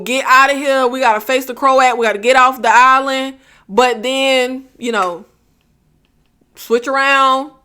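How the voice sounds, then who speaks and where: A woman from the Southern United States with a high, bright, clean-toned voice hosts a TV review channel. She reviews an episode in a loose, chatty way, dropping slang like "y'all" and "child" and laughing easily.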